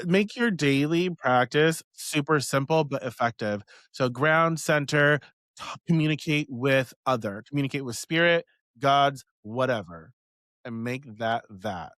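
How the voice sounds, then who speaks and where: A man's voice: medium pitch, expressive, unhurried, a bit bright, no echo. A man hosting a casual question-and-answer chat, rambling and swearing freely as he goes. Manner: rambling, swears freely, many fillers and asides. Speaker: host answering community questions on witchcraft.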